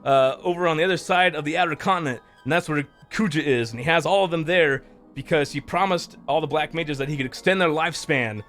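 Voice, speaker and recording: A man's voice: fairly high pitch, quick pace, fairly bright tone, faint music behind, lightly acted. A man voicing a reluctant, gloomy male mage villager in a game recap, hesitant and casual.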